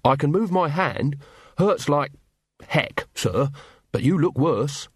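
A man's voice: fairly high pitch, expressive, takes it slowly, breathy edge, no echo, clean studio sound, heavily acted. A man voicing an earnest, plain-spoken young male guardsman.

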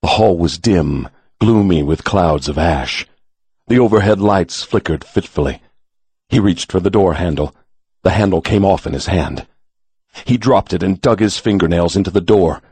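A man reading a short story aloud in a measured, dramatic storytelling manner. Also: deep voice, a little mellow, slightly rough, no echo. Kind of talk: audiobook narration.

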